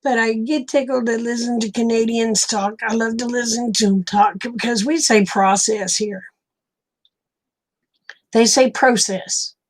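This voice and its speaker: A woman's voice: on the high side, steady tone, moderate pace. A woman with an Oklahoma accent, chatting casually with viewers and telling folksy stories. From Oklahoma, USA. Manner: folksy storytelling, laughs often. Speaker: livestream host.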